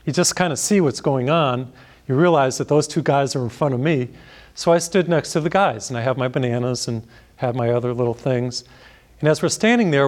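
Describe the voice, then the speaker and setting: A man's voice: a little high, darkish tone. Man preaching a chatty story sermon. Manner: conversational, chuckling storyteller. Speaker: priest.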